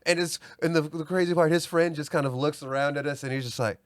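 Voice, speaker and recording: A man co-hosting a podcast, telling a story in casual chat and acting out yelled quotes with lots of laughter. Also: on the high side, steady tone, fast talker, no echo, studio quality. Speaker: podcast co-host.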